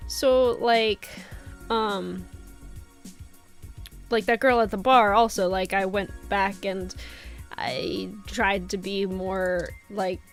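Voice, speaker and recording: A woman's voice: mid-range voice, fairly even intonation, takes it slowly, pauses often, soft background music. A young woman giving rambling, chatty commentary while playing a game. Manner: chatty, rambling, many fillers. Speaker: game streamer. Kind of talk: let's play commentary.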